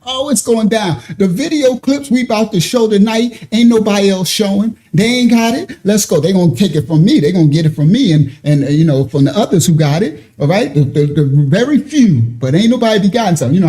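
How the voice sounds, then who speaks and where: A man with a high, mellow voice hosts a livestream in a loose, colloquial style. His pitch jumps around constantly, and he chuckles as he talks. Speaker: livestream host. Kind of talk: casual livestream commentary.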